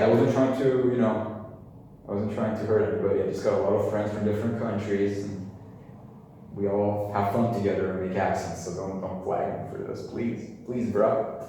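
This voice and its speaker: A man's voice: lowish voice, darkish tone. A tired young man, a medical student, thinking aloud as he explains concepts at a chalkboard, rambling and joking to himself and trailing off mid-sentence. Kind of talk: casual thinking-aloud lecture. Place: room with a chalkboard. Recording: very echoey room, mic far off, faint hiss.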